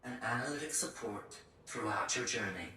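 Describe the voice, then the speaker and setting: Low composed ship assistant. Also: female voice, animated, sharp tone, a little hiss or hum, exaggerated voice. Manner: measured, formal. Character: composed female spaceship cockpit voice assistant. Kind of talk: game voice line.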